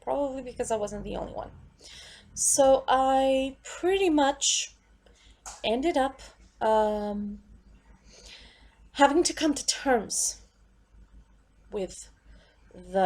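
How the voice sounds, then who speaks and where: A woman's voice: fairly high pitch, expressive, very slow, gravelly, long pauses, darkish tone. A woman vlogger at home, ranting in an exasperated, emphatic way and swearing freely.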